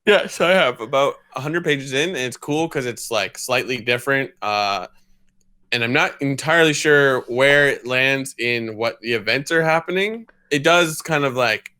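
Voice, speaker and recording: A man's voice: mid-range voice, lively intonation, normal speed, bright, forceful tone, clear, resonant tone. A man co-hosting a podcast in casual chat, talking loosely with lots of "like" and acted-out quotes. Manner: talkative, full of "like" fillers and acted-out quotes. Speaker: podcast co-host.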